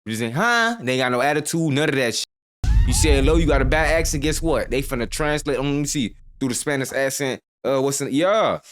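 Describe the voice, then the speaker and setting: A man's voice: medium pitch, quick pace, soft background music. A man hosting a reaction video, giving a hyped, slangy pep talk that keeps circling back to the same catchphrases. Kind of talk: reaction commentary.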